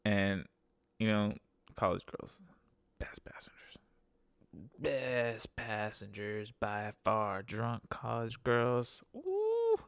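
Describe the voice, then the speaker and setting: A man's voice: on the low side, gravelly, no room sound. A young man, a rideshare driver, telling a rambling, profane story and laughing through it. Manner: rambling and profane with many restarts; amused, laughs while talking. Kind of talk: casual storytelling.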